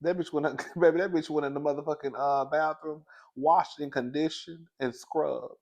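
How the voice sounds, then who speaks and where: A man's voice: on the high side, fairly even intonation, moderate pace, creaky, darkish tone. A young man recapping a TV episode in a sassy, gossipy way, laughing often and calling his listeners girl and baby. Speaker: TV show reviewer. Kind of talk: animated casual recap.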